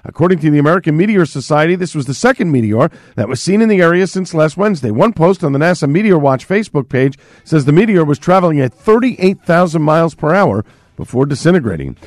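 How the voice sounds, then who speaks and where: A man reading local news on the radio in a steady, crisp broadcast delivery. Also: fairly high pitch, quick pace, no echo, studio quality. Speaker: radio co-host and news anchor. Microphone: studio microphone.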